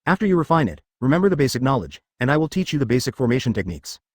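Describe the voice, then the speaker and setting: A man voicing a gentle, doting immortal emperor who talks to his wife and daughter with a smile, recorded close and dry. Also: mid-range voice, very animated, very fast, no room sound. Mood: gently reassuring. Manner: smiling, reassuring.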